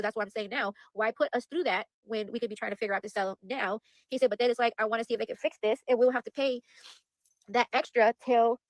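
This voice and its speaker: A woman's voice: on the high side, dry recording. A young woman rambling anxiously to her viewers in a casual vlog, repeating herself and saying "like" and "you guys" a lot. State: upset and worried. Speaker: vlogger.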